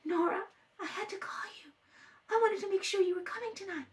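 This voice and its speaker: A woman's voice: very high-pitched, a little slow, pushed and bright, voice pushed up, exaggerated voice. A woman voicing a frightened young woman in trouble, whispering and crying in a rehearsal of a radio play read at a kitchen table. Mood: desperate, tearful. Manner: tearful, breathless whispering.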